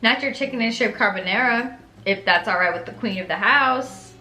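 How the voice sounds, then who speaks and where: A woman reading a gentle, warm mother. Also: fairly high pitch, normal speed, roomy sound, faint music behind. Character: warm, caring middle-aged mother.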